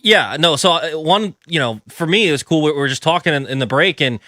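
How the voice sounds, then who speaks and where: A man's voice: on the high side, expressive, a little fast, bright, forceful tone, dry recording. An American man co-hosting a sports radio show, chatting in a laid-back, teasing way. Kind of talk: casual radio show banter. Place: radio studio.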